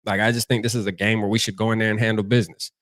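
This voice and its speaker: A young man with a Charleston, South Carolina accent hosts a casual livestream, talking in a loose, slangy and repetitive way. He reads chat comments aloud as he goes. His voice is close and dry, with a middle pitch for a man. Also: level tone, rapid-fire, a bit bright, dry recording. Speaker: livestream host.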